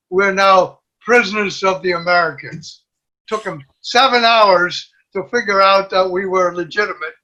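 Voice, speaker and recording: Older male storyteller, high bright voice, dull lo-fi audio, lively anecdote delivery. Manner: lively storyteller, quotes others in raised voice, laughs at own tale. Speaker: WWII veteran guest. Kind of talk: telling a war story.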